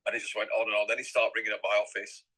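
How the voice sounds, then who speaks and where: A man's voice: fairly low pitch, flat delivery, very fast, pushed and bright, slightly rough, poor audio. A middle-aged man from England, rambling and repeating himself as an interview guest. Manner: rambling and repetitive.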